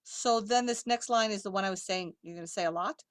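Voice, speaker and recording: A woman's voice: medium pitch, no room sound. A woman choir director leading a pronunciation lesson over a video call, reading lyrics syllable by syllable. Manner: slow, careful syllable-by-syllable reading.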